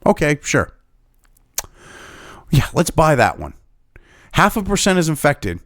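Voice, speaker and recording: A man's voice: a little high, very animated, unhurried, no echo, clean studio sound. A man from New Hampshire giving angry, sarcastic, profanity-laden political commentary.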